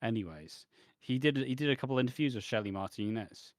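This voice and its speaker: A man's voice: medium pitch, animated, brisk, no echo. A man with a mid-range voice co-hosts a casual podcast. He chimes in with wry, sweary asides. The recording is dry and close. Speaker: podcast co-host. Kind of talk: casual chat reviewing wrestling.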